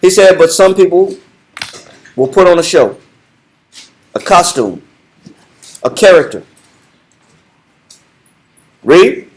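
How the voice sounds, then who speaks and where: High pitched guy running a bible study, bossy, keeps repeating stuff. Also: lively intonation, slow, pauses often. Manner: commanding, directs the reader, repeats points.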